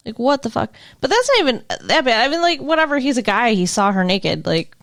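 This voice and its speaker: A woman co-hosting a podcast, chatty and thinking out loud in a casual movie review chat, swearing now and then. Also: a little high, sing-song, fairly quick, no room sound, clean studio sound. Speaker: podcast co-host.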